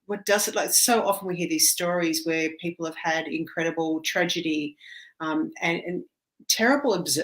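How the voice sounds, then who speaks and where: A woman's voice: sits low, fairly bright tone, poor audio. A woman hosting a podcast, introducing a guest and asking questions in a chatty, casual way. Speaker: podcast host. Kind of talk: casual interview.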